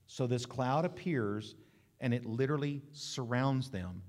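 A male pastor preaching in a church sanctuary, mid-pitched and lively, slipping into comic voices for quotes. His voice rings out with a long hall reverb around it. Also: moderate pace. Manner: lively, joking preacher who acts out quotes. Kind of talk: sermon.

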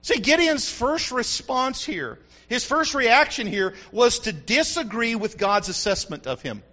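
High, bright-voiced male preacher. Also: a little slow, dull audio. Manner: animated preaching that builds to shouts; repeats phrases for emphasis. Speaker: pastor. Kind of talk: sermon.

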